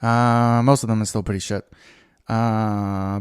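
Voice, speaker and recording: A man's voice: on the low side, level tone, a little slow, clear, resonant tone. A man rambles through a solo podcast episode. He is crude and self-mocking, breaking off mid-thought and circling back with fillers. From New Zealand. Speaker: podcast host.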